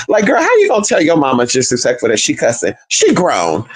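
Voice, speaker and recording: A man's voice: medium pitch, huge pitch swings, fast, few pauses, a little hiss or hum, rough recording. A young man telling a family story to viewers in a casual, profane, sassy way, calling listeners girl and honey. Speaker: spiritual content creator.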